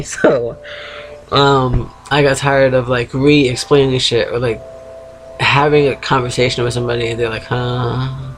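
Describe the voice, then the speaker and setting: Feverish and sedated, this thirty-something vlogger sits at his home computer and rambles through a candid video diary, cursing offhandedly and cutting himself off mid-thought. His fading East Coast US accent comes through a mid-range, slightly bright voice at normal speed. The low-quality audio carries a little background noise.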